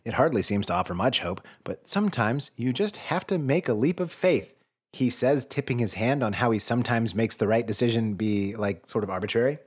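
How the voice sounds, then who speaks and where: Brief: husky male podcast co-host, lively pitch, mock-dramatic gamebook reading. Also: a little fast. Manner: animated, swearing, mock-dramatic. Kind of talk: comedic read-through with commentary.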